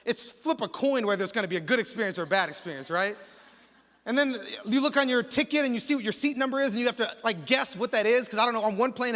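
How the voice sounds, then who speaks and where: A high, bright-voiced American man preaching as campus pastor, telling a story in a casual, joking way and often restarting his sentences. His voice rings out with a long reverb in a large church hall. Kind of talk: sermon with prayer and storytelling.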